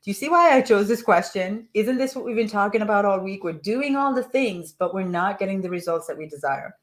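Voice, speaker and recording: A woman's voice: mid-range voice, lively intonation, fairly quick. A woman money mindset coach leading a live coaching call, reading a listener's message aloud and asking her audience to reflect on it.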